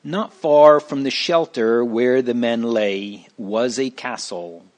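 Casting: male narrator, unhurried, measured storybook reading, middle pitch. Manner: slow, deliberate reading.

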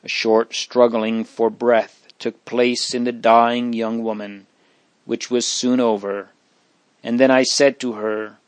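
A man reading aloud an old religious story in a measured, solemn way. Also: mid-range voice, level tone, dry recording. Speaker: narrator.

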